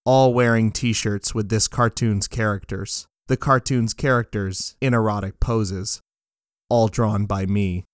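A man reading dark fiction aloud in a flat, deadpan first-person narration. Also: fairly low pitch, clean tone, no echo, studio quality. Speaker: story narrator.

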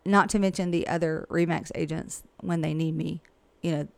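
A woman speaking in a lowish voice with a gravelly edge, chatty and frank, with plenty of asides. She sounds like a real estate coach talking shop in a relaxed interview. The sound is dry and close. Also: moderate pace, dry recording. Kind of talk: casual conversational interview.

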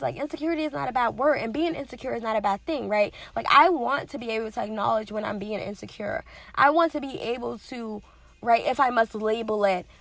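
A woman's voice: a little high, creaky, a bit bright, dry recording. A woman in a casual, earnest motivational talk, speaking conversationally with many fillers and repetitions.

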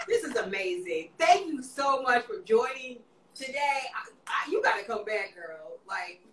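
A woman's voice: fairly high pitch, big pitch swings, slow pace, pauses often, a loud crowd. A woman hosting a casual live-stream chat, giggly and playful, slightly slurring after some wine. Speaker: host. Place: home, Maryland area. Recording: echoey room, away from the mic.

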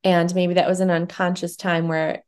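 A woman's voice: lowish voice, little pitch movement, moderate pace, a little mellow, clear, resonant tone. A woman hosting a podcast, reflecting on her guest's story before asking a follow-up question. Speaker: podcast host. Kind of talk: conversational interviewing.

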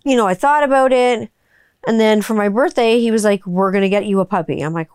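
A woman's voice: medium pitch, a little fast, a little mellow, clean tone, no echo, studio quality. A woman, chatting casually and rambling, full of "like" and the odd swear word. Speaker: vlogger. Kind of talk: casual chat.

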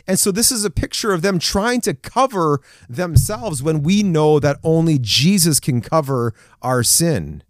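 Animated male preacher, lively pitch. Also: measured pace, hardly any pauses, no room sound, clean studio sound. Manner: animated, acts out scripture figures, chuckles. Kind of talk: casual sermon.

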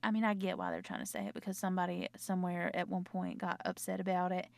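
Chatty Southern woman, gravelly voice. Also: lowish voice, level tone, quick pace, no room sound. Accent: Southern American. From American South. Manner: chatty, folksy, uses terms of endearment. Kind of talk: casual chat.

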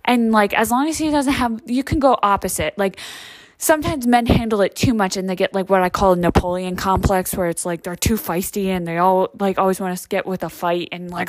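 A woman's voice: medium pitch, normal speed, dry recording. A woman in her thirties chatting casually and rambling, swearing freely and filling her talk with "like" and "you know.". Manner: rambling, profane, heavy use of "like" and "you know". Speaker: vlogger.

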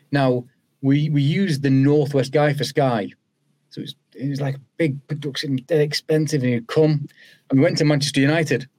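A man with a British accent, a guest on a podcast, telling his story in a chatty way and acting out what people said. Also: medium pitch. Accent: British English. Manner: animated, acts out quoted dialogue. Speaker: podcast guest, former footballer. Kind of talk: conversational storytelling.

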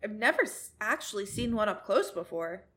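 A woman's voice: medium pitch, expressive, normal speed, a bit bright, close to an everyday voice. A woman voicing a male scrapyard coworker who speaks casually and calls his friend "mate", read aloud from a story. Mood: easygoing.

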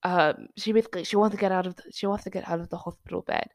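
A woman co-hosting a casual movie-review podcast, retelling scenes in an animated way with excited outbursts. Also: on the low side, very fast, vocal fry. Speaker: podcast co-host.

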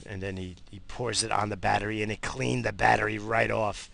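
Gravelly, profane New man. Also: lowish voice, little pitch movement, fairly quick, hardly any pauses, a bit bright. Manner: profane, grumbling, easily aggravated. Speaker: radio show host. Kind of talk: casual rambling monologue while driving.

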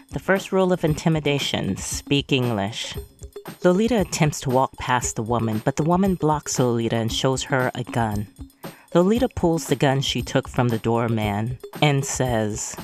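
Very low-voiced woman narrating a story. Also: animated, normal speed, darkish tone, soft background music. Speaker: audiobook narrator.

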